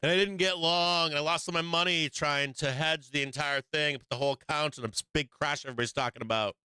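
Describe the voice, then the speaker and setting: A man's voice: a little high, fairly even intonation, quick pace, sharp tone, clean tone, no echo. A man hosting a live stock market show, talking bluntly and profanely, hammering points through repetition. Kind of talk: livestream market commentary.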